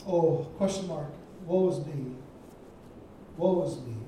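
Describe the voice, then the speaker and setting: A man's voice: a little high, takes it slowly, warm tone, a little hiss or hum. A man preaching a sermon as a guest speaker, emphatic, repeating his key phrases for weight. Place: church sanctuary. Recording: echoey church from far off.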